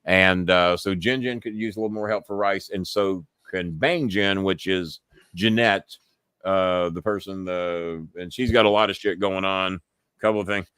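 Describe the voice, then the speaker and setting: A man's voice: sits low, steady tone, moderate pace, a bit bright, clean tone, no echo. A man hosting a casual live stream, cursing freely and laughing as he reads messages aloud. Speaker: host.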